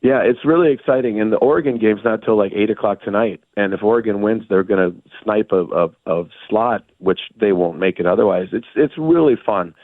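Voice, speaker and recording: Hoarse low-voiced guy on a tinny phone line, excited about sports. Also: brisk, hardly any pauses, no room sound. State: hoarse from laryngitis. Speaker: sports guest. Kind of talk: casual sports radio chat.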